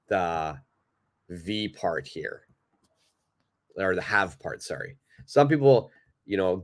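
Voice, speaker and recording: A man's voice: lowish voice, darkish tone. A man teaching an English lesson, explaining grammar patiently and repeating each example. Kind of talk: live online English lesson.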